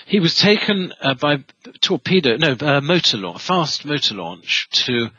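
A man's voice: fairly high pitch, very animated, unhurried, pushed and bright, slightly rough, no echo, lo-fi sound. A man answers an interview question, telling a long story with frequent fillers and restarts. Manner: rambling, many restarts and fillers. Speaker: historian guest.

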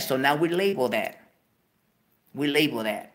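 A man's voice: mid-range voice, lively intonation, unhurried, long pauses, fairly bright tone. A man hosting his own show, ranting heatedly, swearing constantly and repeating himself. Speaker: host. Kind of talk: profane monologue rant.

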